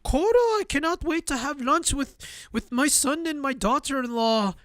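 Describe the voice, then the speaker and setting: A man's voice: very high-pitched, expressive, normal speed, a bit bright, no echo, studio quality, pitched above the performer's own voice. A man putting on his retired father's voice with a mock Filipino accent, sounding eager and sing-song. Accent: put-on Filipino. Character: excited retired older dad in a mock accent.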